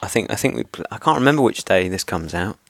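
A man's voice: on the low side, lively intonation, fast talker, gravelly, background noise. An English man hosting a casual podcast chat, rambling and chummy, often laughing as he talks. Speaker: podcast host.

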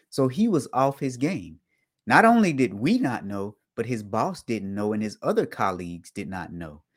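A man talking casually to his online audience as host, with a dry sense of humor. He repeats his key points and keeps his voice lively, often leaping up in pitch and loudness to stress a word, then dropping back down. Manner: animated, jumps up in pitch and volume for emphasis. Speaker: host of an online show for auditors. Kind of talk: casual live-stream talk.

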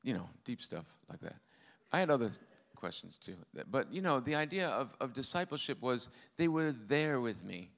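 A man's voice: mid-range voice, big pitch swings, normal speed, vocal fry, fairly bright tone. A man preaching a testimony sermon, telling his story in an earnest way with a dry, self-mocking humor.

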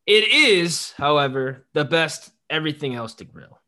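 A man co-hosting a podcast in casual banter, enthusiastic and quick to laugh, dropping his voice on asides. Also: fairly high pitch, animated, pushed and bright. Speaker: podcast co-host.

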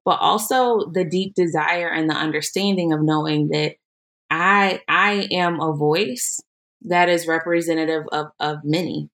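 Woman, very low voice, measured, emphatic, interview guest. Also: fairly bright tone. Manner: measured, emphatic, repeats words for stress. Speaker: podcast guest, education leader. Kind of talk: earnest interview answers.

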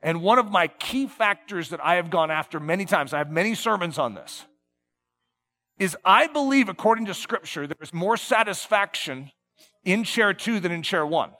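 A man preaching a sermon to a gathered congregation, earnest and shifting between soft, tender passages and emphatic ones. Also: sits high, animated, normal speed.

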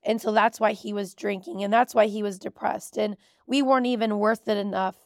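A woman's voice: on the high side, gravelly, no echo, clean studio sound. A woman in her thirties, a podcast host, telling a personal story in a candid, emotional way. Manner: candid, emotional, tearful at times.

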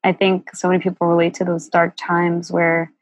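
A woman guest telling a painful personal story, halting and emotional, with many fillers and restarts. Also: lowish voice, monotone, no echo, low-quality recording. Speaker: interview guest.

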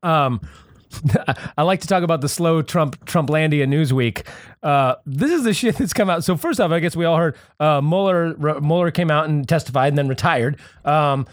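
A man hosting a casual podcast, telling animated stories with plenty of swearing and laughter. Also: fairly high pitch, normal speed, no room sound, clean studio sound. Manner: animated storyteller, swears freely, laughs often. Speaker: podcast host. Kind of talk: casual chat and storytelling.

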